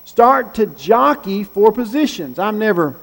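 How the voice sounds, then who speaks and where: A man's voice: sits high, animated, unhurried, gravelly. A man preaching a sermon in a conversational way, posing rhetorical questions to his listeners. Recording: long hall reverb.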